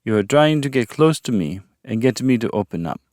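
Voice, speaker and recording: A man's voice: medium pitch, expressive, fairly quick, darkish tone, no room sound, studio quality, close to an everyday voice. A man voicing a lonely, guarded male vampire who has lived alone in a castle for years, speaking warily and defensively. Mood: wary. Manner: defensive, wary.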